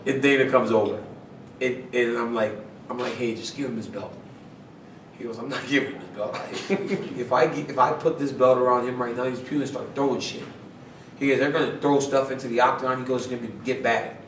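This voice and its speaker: A man, a fighter fielding press questions, tells his story with lively energy, acting out the voices of the people in it and laughing along the way. His voice is picked up from a little distance in a roomy space, with faint ambient noise behind him. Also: medium pitch. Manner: animated, laughing, acts out quotes. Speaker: fighter being interviewed. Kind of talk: casual storytelling in a media scrum.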